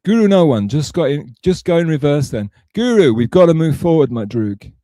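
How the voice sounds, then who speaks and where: A man's voice: on the high side, very animated, a little fast, dark tone, no echo, studio quality. A man hosting a livestream, rambling and swearing casually to his chat, often correcting himself mid-sentence. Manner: rambling, profane, self-correcting. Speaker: livestream host.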